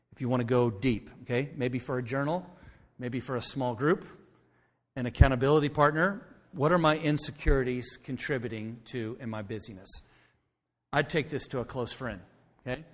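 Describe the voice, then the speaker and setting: Man preaching in a reverberant hall. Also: medium pitch. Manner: conversational preaching, frequent "okay?" check-ins. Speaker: pastor. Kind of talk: sermon. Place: church sanctuary.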